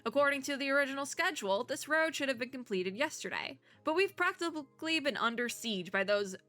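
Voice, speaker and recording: A woman's voice: high voice, expressive, a little fast, pushed and bright, soft background music, pitched above the performer's own voice. A woman streamer reading the lines of a middle-aged male construction captain in her own plain, folksy delivery. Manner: folksy, plain-spoken, no accent put on.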